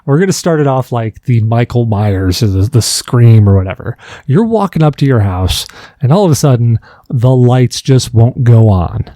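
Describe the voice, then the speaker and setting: A man hosting a casual podcast chat, telling jokey stories in an animated way. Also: mid-range voice, moderate pace, no echo, studio quality. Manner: animated, joking storyteller. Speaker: podcast host.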